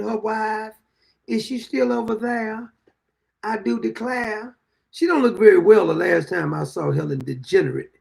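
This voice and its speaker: A man's voice: high voice, creaky. A man in his sixties hosting a political commentary show, ranting and mocking his targets with frequent laughter. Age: 60s.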